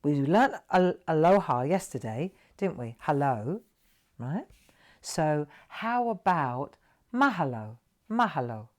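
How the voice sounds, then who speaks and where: Low-voiced chatty woman teaching crafts. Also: sing-song, takes it slowly. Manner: chatty, encouraging, talks to viewers while drawing. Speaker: craft show host. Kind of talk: live craft tutorial.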